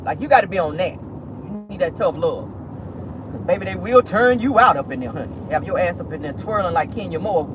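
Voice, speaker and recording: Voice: mid-range voice, expressive, a little fast. A vlogger in a car giving casual, bawdy celebrity-gossip commentary with laughing asides and lots of "honey" and "child.". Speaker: vlogger host. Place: parked car. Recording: noisy car interior.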